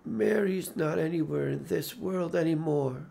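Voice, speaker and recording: A man voicing a grief-stricken grown man who speaks low and halting, in an audiobook reading. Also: vocal fry, warm tone. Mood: grim. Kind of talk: audiobook character voice.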